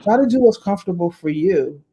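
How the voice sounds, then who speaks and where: A woman's voice: medium pitch, fairly quick, husky. A middle-aged woman chatting as a talk show guest, telling stories and acting out the voices of people she quotes. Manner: animated storyteller, acts out quoted voices. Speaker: talk show guest, arts executive director. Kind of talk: casual chat.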